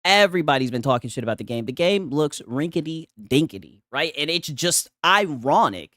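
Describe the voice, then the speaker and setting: A man with a slightly high voice talks briskly, recorded at studio quality with no room sound. He's live streaming a casual, profane rant of gaming commentary, animated throughout and tacking "right?" onto his points again and again.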